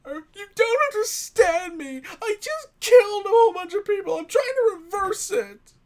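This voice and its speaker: A man pitches his voice well above his own natural range, very high yet darkish in tone, to play a panicked young male superhero. The delivery is expressive and moderately paced, bursting out in frantic outbursts.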